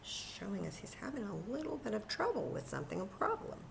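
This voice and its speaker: A woman librarian reading a picture book aloud at children's story time, animated and enthusiastic, talking to the kids. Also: medium pitch, brisk, vocal fry, background noise.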